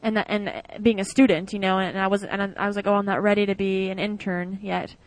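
A woman's voice: medium pitch, flat delivery, brisk, poor audio. A young woman from the United States tells stories casually in an interview, chatty with many fillers and with quoted voices acted out. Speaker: former exchange student.

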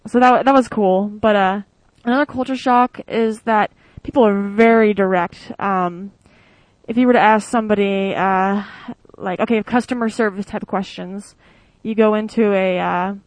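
A woman's voice: medium pitch, steady tone, moderate pace, no room sound, poor audio. A young American woman answering interview questions in a chatty, rambling way with lots of fillers. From United States. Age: young adult. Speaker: interviewee, former exchange student.

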